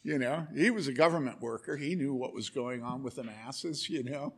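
A man's voice: mid-range voice, moderate pace, breathy edge. A man preaching a sermon, telling a story with lots of energy and asking the congregation questions. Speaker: pastor.

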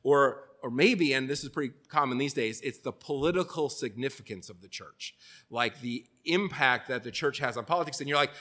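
A man's voice: mid-range voice, a little fast, bright, forceful tone. A man giving a casual, conversational sermon, full of fillers and restarts, who now and then acts out the voices he quotes. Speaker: preacher.

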